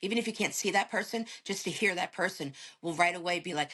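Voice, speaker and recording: Low-voiced woman animatedly retelling a story. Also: fast talker, hardly any pauses. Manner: animated retelling that acts out quoted dialogue. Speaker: podcast guest, caregiver sister. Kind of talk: casual storytelling chat.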